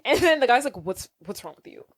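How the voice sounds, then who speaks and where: A woman with a slightly high voice holds forth bluntly about what she dislikes. Her tone is casual and mock-disgusted. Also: very animated, quick pace. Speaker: podcast co-host. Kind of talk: casual chat.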